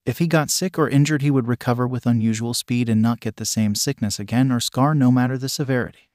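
A man narrates a story in a steady, even reading voice of middling pitch. The recording is dry and close, with no room echo. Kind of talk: scripted narration of fan fiction.

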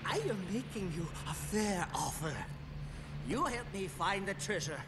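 An actor playing a ruthless, greedy pirate boss in a video game, sneering and taunting. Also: male voice, high voice, very animated, a little slow, background noise, heavily acted. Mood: menacing. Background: game music.

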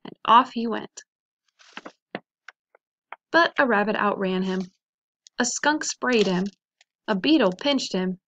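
A woman teacher reading a picture book aloud to children in a gentle, expressive storytelling voice. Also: mid-range voice, takes it slowly, pauses often, slight background noise.

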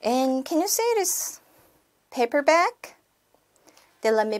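A young woman teaching a sample lesson in English, repeating words slowly for children. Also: sits high, sing-song. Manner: slow, sing-song classroom talk with repeated words. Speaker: teacher demonstrating a class.

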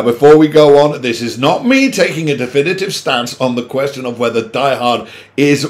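A middle-aged man, talking to camera in an exasperated, sweary rant with sudden loud outbursts. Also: medium pitch. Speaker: vlogger. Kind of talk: opinionated monologue to camera.

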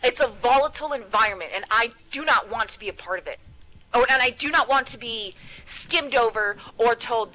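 A woman's voice: a little high, brisk, sharp tone, rough recording. Foul-mouthed woman on a heated rant. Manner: profane, blunt ranting. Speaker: gamer in voice chat. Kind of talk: heated casual venting. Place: home.

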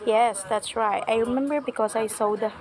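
A woman's voice: fairly high pitch, steady tone, lightly acted. A woman reading an eager, flustered young woman commander who trips over her words. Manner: bright, quick to stumble over words.

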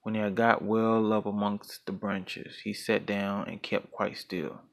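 A man reading a folktale aloud as a storyteller, in a measured, steady narration. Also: on the low side, vocal fry.

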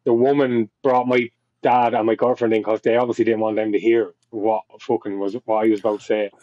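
Mellow-voiced Irish man, rambling storyteller. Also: fairly low pitch, little pitch movement, a little fast, dry recording, lo-fi sound. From Ireland. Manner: rambling, frequent swearing and restarts. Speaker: podcast guest. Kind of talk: casual storytelling.

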